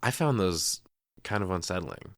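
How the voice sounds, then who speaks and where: A man's voice: sits low, expressive, a bit bright, no room sound, studio quality. A man co-hosting a podcast, talking casually and crudely through a movie scene by scene. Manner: crude, joking, quick asides. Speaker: podcast co-host. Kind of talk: casual movie breakdown chat.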